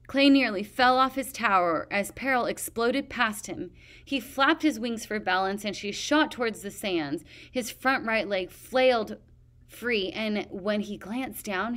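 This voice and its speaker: A woman's voice: mid-range voice, normal speed, fairly bright tone. Woman reading a fantasy storybook. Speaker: audiobook reader. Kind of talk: storybook narration.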